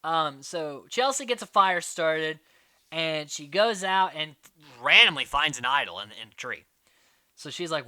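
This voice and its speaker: A man hosting a casual recap, chatting quickly and mimicking the people he quotes. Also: fairly high pitch, lively intonation, sharp tone. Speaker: podcast host recapping a reality show.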